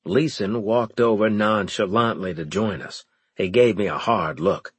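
Slow, husky male audiobook narrator. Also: lowish voice, no echo. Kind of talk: first-person audiobook narration.

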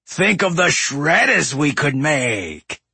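A man doing a greedy goblin boss, raspy and abrasive, booming, slow drawling bluster, husky breathy tone, dry close sound, audiobook. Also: very animated, bright, forceful tone, dry recording, heavily acted. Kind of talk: audiobook character voice.

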